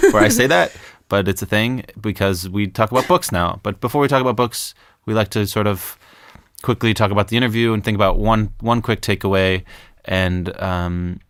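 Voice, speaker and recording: A man co-hosting a podcast, talking in a relaxed, conversational way. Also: fairly low pitch, no room sound, clean studio sound. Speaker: podcast co-host. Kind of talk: casual podcast chat.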